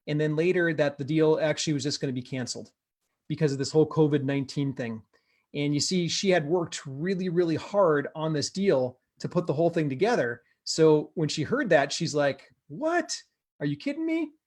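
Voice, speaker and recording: A man hosting an investing group, telling a member's success story with energy and repeating words for emphasis. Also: a little high. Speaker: host of a real estate investing group. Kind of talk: motivational storytelling to camera.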